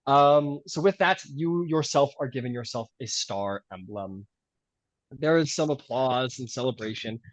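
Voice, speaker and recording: A man's voice: mid-range voice, unhurried, no room sound. A man running a tabletop game as game master, talking in a chatty way with many fillers and laughs.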